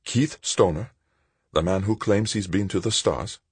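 A man voicing a cool, composed nun who speaks softly and calmly. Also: deep voice, unhurried, slightly rough, dry recording, pitched above the performer's own voice, heavily acted. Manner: soft, calm, coaxing. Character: cool, composed nun, soft-spoken woman.

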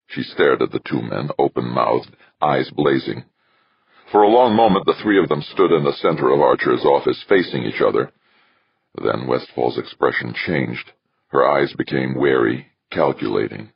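Super deep raspy guy reading a novel aloud, lively delivery. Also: moderate pace, dry recording. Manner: gravelly, steady storyteller. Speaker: audiobook narrator. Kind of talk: scripted narration with character voices. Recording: dull lo-fi dry recording.

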